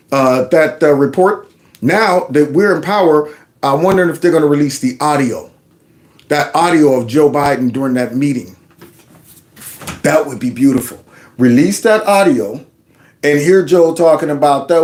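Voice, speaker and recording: A man's voice: fairly high pitch, normal speed. A man hosting his own channel, talking loosely and unscripted, mimicking other voices and chuckling often. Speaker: channel host. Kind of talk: unscripted casual commentary.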